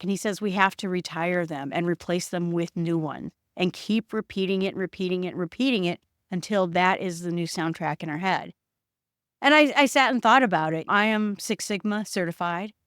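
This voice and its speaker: A woman's voice: mid-range voice, clean tone, no room sound, clean studio sound. Reflective woman hosting a solo podcast. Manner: reflective, quotes her own inner voice. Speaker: podcast host. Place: home setup recorded on video.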